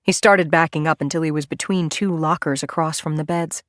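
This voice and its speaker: A woman reads a thriller audiobook in a low, measured voice. Her narration is steady and even, carrying the tension without rushing. The recording is dry and close-miked. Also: no echo. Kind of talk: scripted narration.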